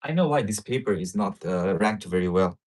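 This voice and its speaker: Low-voiced man rambling on a livestream. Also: animated, fairly quick, darkish tone. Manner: rambling, repeats words, swears casually. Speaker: livestreamer reading a paper. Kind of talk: casual livestream commentary.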